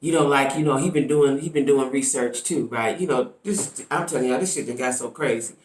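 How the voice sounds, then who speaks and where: A woman giving casual commentary on her vlog, chatty and animated, often tossing in "right?" asides. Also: rumbling low, brisk, echoey room, a little hiss or hum. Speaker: YouTube commentator.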